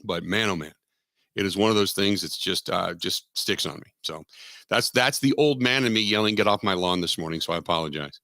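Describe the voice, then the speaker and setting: Deep-voiced and fairly quick, this Southwestern Ohio sports radio host has vocal fry and a bright, forceful tone, captured dry with clean studio sound in a radio studio. His casual chat rambles and circles back, sprinkled with jokes at his own expense.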